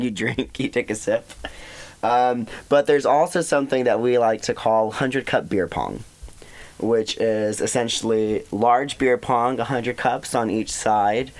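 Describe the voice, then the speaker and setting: A young American man co-hosting a podcast, chatting casually in a playful, giggly, self-mocking way. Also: on the low side. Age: young adult. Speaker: podcast co-host. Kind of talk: casual chat.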